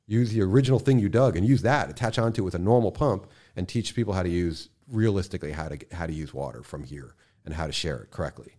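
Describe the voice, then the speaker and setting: A man speaking as a podcast guest in casual conversation, impassioned, swearing freely and swinging from quiet to loud bursts. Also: sits low, quick pace.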